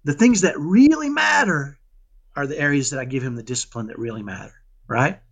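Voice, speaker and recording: A man talking casually in an interview about raising his son, animated and often checking in with "right?". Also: fairly high pitch, a little fast, vocal fry. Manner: animated, keeps asking "right?"; acts out dialogues with his son. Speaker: parenting guest.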